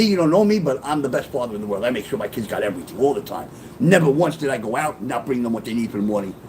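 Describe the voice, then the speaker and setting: A man's voice: fairly high pitch, slight background noise. A middle-aged man telling a personal testimony, rambling, swearing and breaking into tearful outbursts. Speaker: author telling his life story.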